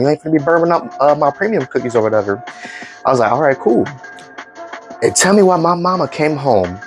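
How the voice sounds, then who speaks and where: A young man telling a casual storytime vlog, acting out family members' lines in raised voices. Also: on the high side. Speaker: vlogger.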